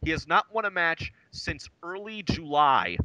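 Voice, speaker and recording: Excitable podcast guy recapping wrestling, high bright voice, dry close sound. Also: unhurried, dry recording, poor audio. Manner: excitable, jokey, drops into impressions. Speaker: podcast co-host. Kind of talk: casual wrestling recap chat.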